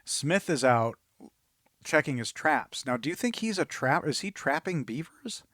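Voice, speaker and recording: A man's voice: a little high, lively intonation, a little slow, fairly bright tone, no room sound, studio quality. A man co-hosting a podcast, chatting casually and rambling through a movie recap with laughs. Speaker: podcast co-host. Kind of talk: casual movie review chat.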